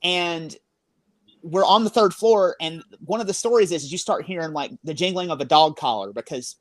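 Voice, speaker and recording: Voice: mid-range voice, normal speed. A paranormal investigator telling a story in a rambling way, full of fillers like "like" and "you know". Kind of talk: casual storytelling in a group interview.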